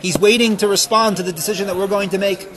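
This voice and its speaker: A man teaching a Torah lesson, reading verses aloud and explaining them with fervent emphasis that falls back to quiet reflection. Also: high-pitched, steady tone, quick pace. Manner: reads verses aloud, then translates and explains. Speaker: rabbi teaching a class.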